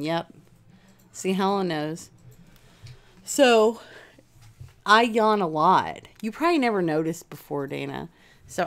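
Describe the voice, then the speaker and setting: A woman hosting a casual crafting livestream from home, rambling chattily and answering viewers' comments by name. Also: fairly low pitch.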